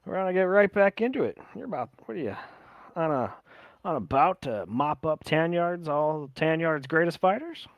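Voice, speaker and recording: A man voicing a polite male drow fight promoter with smooth salesman patter. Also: fairly high pitch, animated, moderate pace, no room sound, lo-fi sound, voice pushed up. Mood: businesslike.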